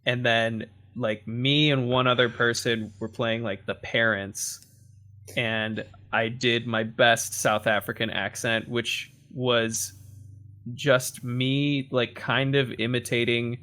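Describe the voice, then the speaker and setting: A man guesting on a podcast, mid-range in pitch with a bright edge. He talks loosely, rambling through an anecdote with fillers and little laughs. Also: flat delivery, slow. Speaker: podcast guest, comedy writer. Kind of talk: casual storytelling.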